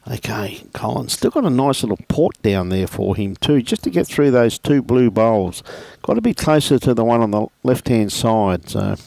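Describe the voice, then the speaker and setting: A man's voice: mid-range voice, lively intonation, normal speed, vocal fry, few pauses, darkish tone, no echo. A middle-aged man with an Australian accent commentating lawn bowls live, laid-back and jokey, calling people mate. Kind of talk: live sports commentary with banter.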